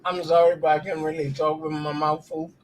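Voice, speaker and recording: A man hosting a casual crypto livestream, rambling and offhand, and reading news aloud haltingly. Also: fairly high pitch, flat delivery, slight background noise, poor audio. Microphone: streaming mic.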